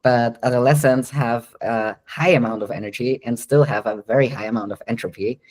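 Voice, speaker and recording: A man's voice: mid-range voice, a little fast, darkish tone, low-quality recording. A man working as a dog trainer, answering listener questions in a live online Q&A. He explains at length in a chatty way, with frequent ums and light laughs.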